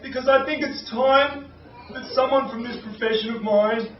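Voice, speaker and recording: A man pushes his voice to an extremely high pitch, keeping fairly even intonation at a moderate pace, to perform a rhyming spoken-word piece as a bitter, sardonic male gladiator. His delivery is mocking and rhythmic, caught in a distant, roomy lo-fi live recording with ambient noise.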